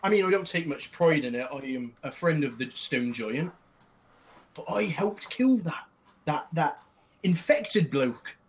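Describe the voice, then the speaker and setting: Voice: medium pitch, expressive, measured pace, slight background noise. A player voicing a small, chatty male travelling merchant who rambles and apologizes in a flustered way during a tabletop game. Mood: insistent. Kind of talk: tabletop role-play in character.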